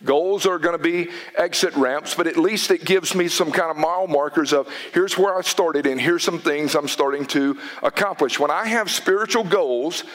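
A man's voice: on the high side, normal speed, hardly any pauses, fairly bright tone. A man preaching a sermon to a congregation, emphatic, often repeating words for stress. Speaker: pastor. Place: church.

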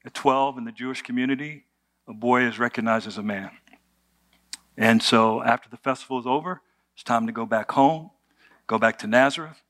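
A man's voice: medium pitch, moderate pace, fairly bright tone. A man preaching a conversational sermon, telling the story with humor and asking the audience rhetorical questions. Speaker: pastor.

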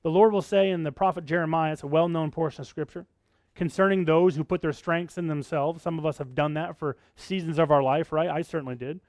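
A man's voice: a little high, fairly even intonation, fairly quick, darkish tone, dry recording, studio quality. A man preaching a sermon in a conversational way, often asking his listeners rhetorical questions. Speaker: pastor.

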